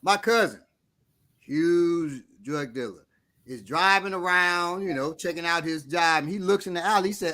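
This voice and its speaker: A man's voice: a little high, normal speed. A middle-aged man co-hosting a casual talk show, telling funny stories animatedly and laughing often. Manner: animated storyteller, laughs a lot. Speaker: podcast co-host. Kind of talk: casual chat.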